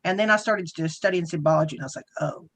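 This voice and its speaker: A woman's voice: fairly low pitch, very fast, fairly bright tone, no room sound. A woman with a Southern US accent, co-hosting a casual round-table livestream in a folksy, rambling way. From Southern United States. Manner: chatty, folksy, rambling with frequent restarts. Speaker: co-host.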